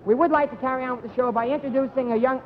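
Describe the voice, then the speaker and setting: A young man hosting a live comedy TV show, delivering announcements in a mock-earnest pitchman manner. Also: steady tone, racing, in a large hall, heavy background noise. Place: TV studio stage before an audience. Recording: dull 1950s TV broadcast with loud studio audience.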